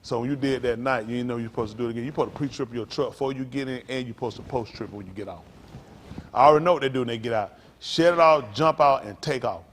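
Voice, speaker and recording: A middle-aged male pastor preaching to a congregation, rambling through folksy stories and jumping to loud emphasis. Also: medium pitch, quick pace, slight background noise.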